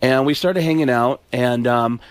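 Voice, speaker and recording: A man's voice: mid-range voice, unhurried, no room sound. A male comedian telling stories in a casual radio chat, rambling and laughing between lines. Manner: rambling, storytelling, frequent restarts and laughs. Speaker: comedian guest.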